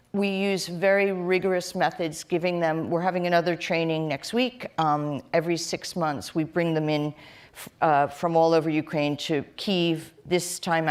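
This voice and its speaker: A low-pitched middle-aged woman talking on a live panel. She speaks in an earnest, measured way, pausing on fillers and restarting phrases as she works through her point. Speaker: panel guest, human rights director.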